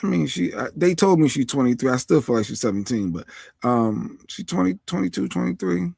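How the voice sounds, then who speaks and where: A man co-hosting a podcast in easygoing casual chat, his voice a bit raised in pitch. It carries a gravelly texture, recorded dry and close. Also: lively intonation, brisk, darkish tone, no room sound. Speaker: podcast co-host.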